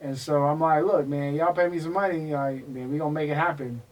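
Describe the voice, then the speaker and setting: Guy telling wild stories in an interview, kinda higher voice, mic a bit far off. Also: a little fast. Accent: Texan. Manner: animated, profane, acts out quoted people. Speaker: guest, MMA historian. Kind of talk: casual storytelling interview.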